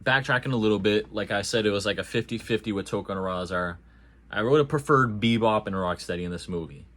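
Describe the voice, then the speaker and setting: A man giving a casual, animated and slangy movie review, joking along as he talks. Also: fairly low pitch, a little fast.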